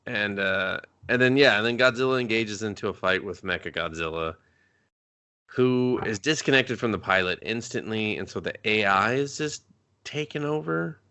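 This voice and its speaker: A man co-hosting a movie review podcast, talking in a rambling, excitable way with lots of swearing and acted-out quotes. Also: fairly low pitch, moderate pace, clear, resonant tone. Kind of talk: casual profane movie chat.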